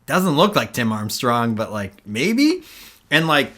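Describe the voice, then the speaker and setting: Bright-voiced man telling a rambling story. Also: mid-range voice, sing-song, takes it slowly. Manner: rambling, many fillers, acts out quotes. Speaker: podcast host. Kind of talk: casual storytelling chat.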